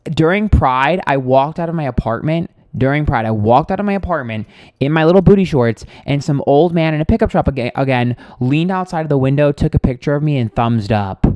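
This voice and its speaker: A man hosting a tarot livestream who tells a story in a casual, rambling, profane way. He is exasperated and dramatic, swinging between quiet asides and loud outbursts. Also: a little high, lively intonation, brisk, dry recording.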